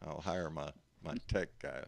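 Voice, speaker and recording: A man's voice: rumbling low, fairly even intonation, measured pace, creaky. A man with a Texan accent hosting a live stream, chatting in a folksy way and greeting viewers as buddy. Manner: folksy and chatty, calls people buddy and baby. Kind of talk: casual chat.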